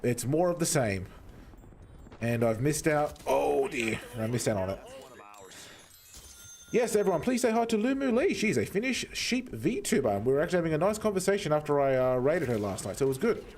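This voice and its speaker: A young man with an Australian accent talks to his live chat while he plays. His voice sits fairly high and swings all over the place as he reacts. He is chatty and swears freely, welcoming viewers one by one. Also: sing-song, normal speed. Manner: chatty, swears often, greets chat warmly by name. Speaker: gaming streamer. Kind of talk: casual livestream chat while gaming.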